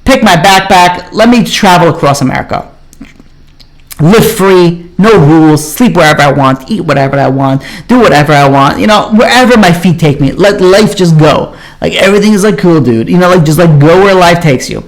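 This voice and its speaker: A man's voice: a little high, animated, moderate pace. A man voicing a young male hippie drifter who talks in a loose, drawling way, full of "like" and "you know", within a told story. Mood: laid-back.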